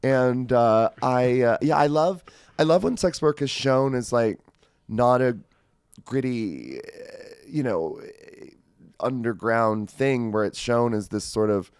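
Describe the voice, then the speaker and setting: A man's voice: medium pitch, lively intonation, takes it slowly, a little mellow, smooth, no room sound, studio quality. A man appearing as a guest on a podcast, talking in an enthusiastic, rambling way. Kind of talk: casual chat.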